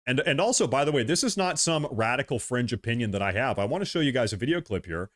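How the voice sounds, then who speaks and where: A man from the United States hosting a political livestream, with heated, combative and repetitive talk that swings between loud outbursts and low mutters, into a headset mic. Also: animated, a little fast. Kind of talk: livestream commentary.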